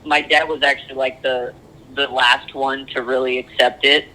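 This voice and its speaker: A young man sharing his story as a podcast guest, earnest and halting, with frequent ums. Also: medium pitch, level tone, sharp tone, poor audio. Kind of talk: candid personal interview.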